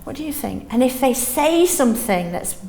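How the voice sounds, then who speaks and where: A middle-aged woman leading a teaching workshop in a classroom, lively, often checking in with "yes?". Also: sits high, moderate pace, vocal fry, echoey room, a little hiss or hum. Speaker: teaching trainer.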